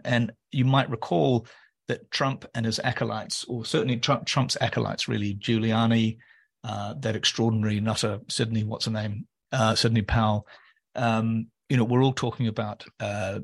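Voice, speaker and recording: A man's voice: medium pitch, vocal fry. A man co-hosting a political podcast, chatting casually with wry, joking asides. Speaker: podcast co-host.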